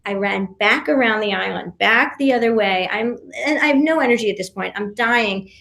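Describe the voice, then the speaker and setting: A woman guest on a podcast, telling a story in an animated way, with many restarts and acted-out quotes. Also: mid-range voice, vocal fry, roomy sound. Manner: talks fast with many restarts and fillers, acts out quotes. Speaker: podcast guest, reality show contestant.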